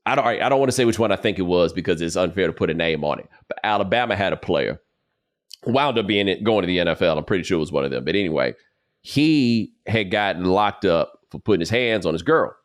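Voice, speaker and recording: A man co-hosting a podcast, chatting casually and telling stories in an animated, playful way with plenty of slang. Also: sits low, fast. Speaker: podcast co-host. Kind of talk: casual sports and culture chat.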